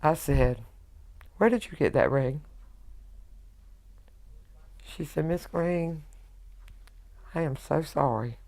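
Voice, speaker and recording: A middle-aged woman, a widow giving emotional personal testimony in a halting way, full of quoted dialogue. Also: low-pitched, expressive, vocal fry, darkish tone. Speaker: widow telling her story.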